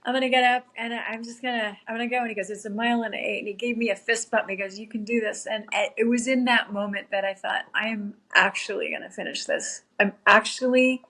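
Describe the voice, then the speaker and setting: A woman's voice: on the high side, steady tone, quick pace, hardly any pauses, sharp tone. Earnest woman recounting an emotional race finish. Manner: earnest, tearful at times, quotes herself. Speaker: podcast guest, ultrarunner. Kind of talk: emotional storytelling.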